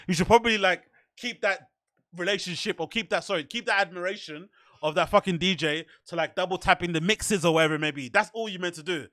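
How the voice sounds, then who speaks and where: A man hosts a podcast, spinning profane, animated stories with frequent laughs. His voice sits high and rings bright. The sound is dry and close. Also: fast talker, no echo. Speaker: podcast host. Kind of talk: casual storytelling monologue.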